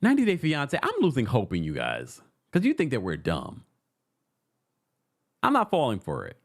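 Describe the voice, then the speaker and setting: A man hosting a casual pop culture gossip show, animated and sassy, laughing often as he comments. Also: medium pitch, normal speed.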